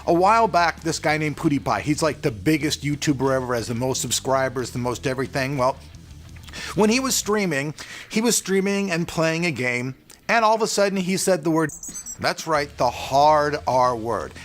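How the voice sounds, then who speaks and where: A man's voice: fairly high pitch, animated, normal speed, slight background noise. A middle-aged man from California, hosting a casual vlog and talking earnestly and loosely, straight to his viewers. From California, USA. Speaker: channel host.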